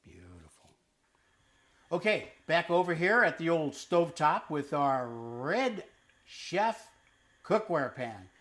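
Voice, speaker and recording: A man with a fairly high, fairly bright voice speaks slowly and expressively as he hosts a cooking show. In his kitchen, complete with island and stovetop, he cooks for a casual demonstration, chatting playfully and teaching Italian words.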